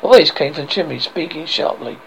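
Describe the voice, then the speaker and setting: Man with a gravelly voice reading a fairy tale. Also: fairly high pitch, fairly quick, a little hiss or hum, low-quality recording. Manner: expressive, stumbling over words. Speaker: horror host. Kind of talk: storybook reading.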